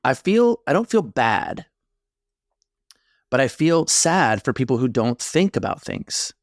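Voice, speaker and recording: A man's voice: mid-range voice, unhurried, dry recording. Rambling male podcast co-host, dry sound. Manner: rambling, animated storytelling with tangents. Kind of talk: casual chat.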